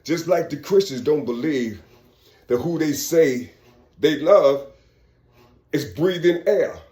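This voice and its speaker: Brief: lively, high-leaning man preaching a profane rant, swings up to shouts. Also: slow, roomy sound. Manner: preachy, profane, keeps asking "you see"; bursts into shouting and laughter. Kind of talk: spiritual rant monologue.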